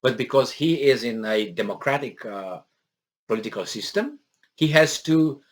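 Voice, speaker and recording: A man's voice: mid-range voice, expressive, moderate pace. A man reads out news items and breaks off to mock them. His talk rambles, full of fillers and restarts, and has a sarcastic bite. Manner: sarcastic, mocking asides and put-on impressions. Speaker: political commentary vlogger. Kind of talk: casual monologue reading and commenting on news.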